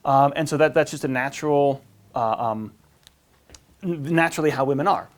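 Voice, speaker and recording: Chatty priest with a fairly high voice. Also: male voice, normal speed. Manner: rambling, with many fillers and restarts, acts out quoted voices. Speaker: priest giving a marriage class. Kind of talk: informal teaching talk.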